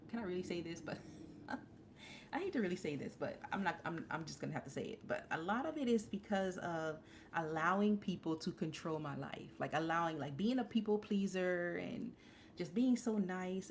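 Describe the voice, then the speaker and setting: Candid woman in her forties, low-pitched. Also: a little hiss or hum. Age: 40s. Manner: candid, rambling, many restarts and fillers. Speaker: livestream host. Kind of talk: casual live-stream chat.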